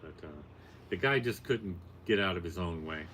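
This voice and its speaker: An older man tells a story in a plain, matter-of-fact way, with a voice that sits a little low. He stays conversational and gets lively at the tense moments. A faint hiss runs underneath. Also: moderate pace. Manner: plainspoken, matter-of-fact, building to animated peaks. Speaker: podcast guest, storyteller. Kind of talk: casual storytelling chat.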